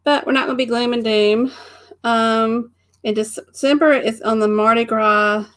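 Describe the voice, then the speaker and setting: Woman, middle-aged, casual live-stream host, chatty, laughs often, slightly high. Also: fairly even intonation, moderate pace. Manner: chatty, greets viewers by name, laughs often.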